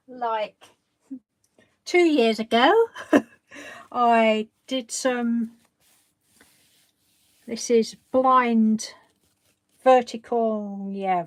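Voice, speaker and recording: Slow, chatty woman. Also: on the high side, no room sound. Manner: chatty, rambling, laughs often. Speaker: craft channel host. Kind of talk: casual live-stream chat.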